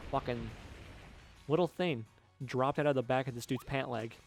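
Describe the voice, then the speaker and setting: A man's voice: mid-range voice, normal speed, soft background music. A man co-hosting a game let's play, rambling through stories in casual, sweary chat. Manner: rambling storyteller who swears a lot.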